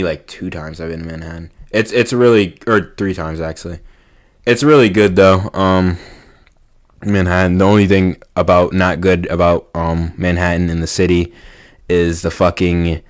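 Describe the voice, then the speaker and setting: A young man, rambling casually to the camera, full of fillers and swearing, dropping to a mumble and then rising to loud exclaiming. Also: sits low. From New York. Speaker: vlogger.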